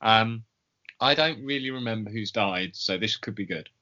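A man's voice: lowish voice, moderate pace, pushed and bright, dull audio. A man co-hosting a comedy chat, answering in a dry, wry way.

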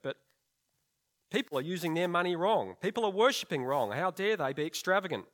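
A man preaching a sermon to his congregation. He talks in a lively, conversational way and slips in dry, humorous asides. He also leans on rhetorical questions. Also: high voice, brisk. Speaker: pastor.

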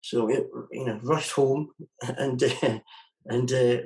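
A man's voice: medium pitch, steady tone, slow pace, a little mellow, low-quality recording. A man being interviewed as a musician guest, talking casually and rambling with many restarts.

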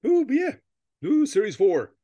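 A man's voice: very high-pitched, huge pitch swings, moderate pace, mellow, no echo, studio quality. A man hosting a casual comedy podcast who jokes around, goes off on goofy tangents and laughs often. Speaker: podcast host.

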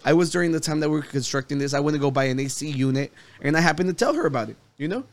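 A man's voice: fairly high pitch, lively intonation, very fast. A man hosting a podcast, telling a story in casual chat, rambling and laughing often. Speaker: podcast host.

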